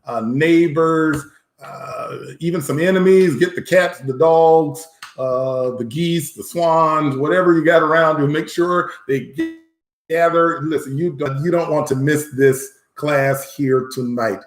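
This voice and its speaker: A man's voice: on the high side, unhurried. A man, a pastor, preaching and leading a congregation in sung praise with call-and-response. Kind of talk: sermon with singing. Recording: echoey room with music behind. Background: worship music.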